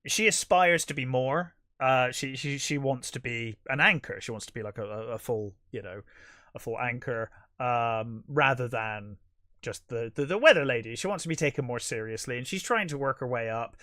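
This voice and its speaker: A man's voice: mid-range voice, normal speed, bright, forceful tone, dry recording, studio quality. A man co-hosting a podcast, recapping a film plot in casual chat, rambling with many fillers and restarts. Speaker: podcast co-host.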